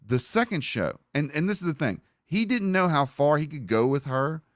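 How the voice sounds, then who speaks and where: A man's voice: on the high side, very animated, moderate pace, no room sound. Rambling, profane man streamer, dry mic. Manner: rambling, profane, talks over the video. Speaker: livestream host. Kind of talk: casual reaction commentary.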